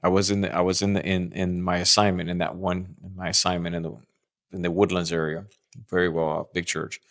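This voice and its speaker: Middle-aged man, deep voice, dry sound; animated storyteller who restarts his sentences, podcast guest pastor. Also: brisk, no room sound.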